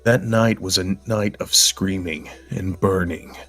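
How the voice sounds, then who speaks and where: A man's voice: sits low, fairly even intonation, slow, a bit bright, faint music behind. A man reading a horror story aloud in a grim, bitter, world-weary voice, then chatting casually with his co-hosts. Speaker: guest storyteller.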